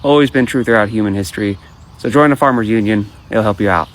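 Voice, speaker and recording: A man's voice: fairly low pitch, fast talker, slight background noise. A man, a farmer, giving friendly, plain-spoken advice. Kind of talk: casual advice video.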